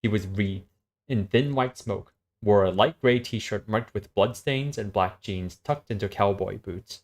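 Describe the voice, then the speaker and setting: A woman reading a web serial aloud on a stream, with a steady delivery and small self-corrections. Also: a bass voice, measured pace.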